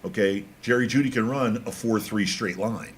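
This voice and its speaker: A man co-hosting a sports radio show, talking in an emphatic, animated and teasing way. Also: fairly low pitch, normal speed, husky. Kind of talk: casual sports talk.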